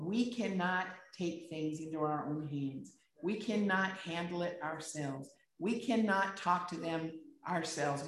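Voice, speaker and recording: A woman preaching a sermon, retelling a scripture story in plain words and asking the listeners rhetorical questions. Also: fairly low pitch. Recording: very echoey room, distant mic.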